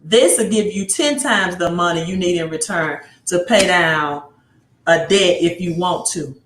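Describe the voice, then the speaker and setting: Woman with a mississippi accent, slow unhurried talk, excited and repetitive, roomy echo. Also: on the low side, slight background noise. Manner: excited, repeats phrases, answers viewer comments. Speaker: livestream host. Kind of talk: casual livestream chat.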